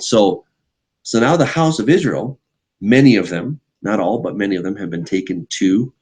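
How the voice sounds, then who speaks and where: A pastor teaching the Bible in a conversational way, reading passages aloud and checking in with listeners. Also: male voice, on the low side, darkish tone, low-quality recording. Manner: conversational, frequent "right?" check-ins.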